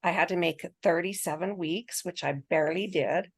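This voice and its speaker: A woman's voice: lowish voice, normal speed, breathy edge. A woman in her sixties, a podcast guest, telling her birth story in a chatty way and laughing often.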